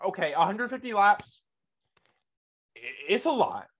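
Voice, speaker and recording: A podcast co-host in casual chat, animated, laughing often and trailing off mid-sentence. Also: medium pitch, unhurried, breathy edge.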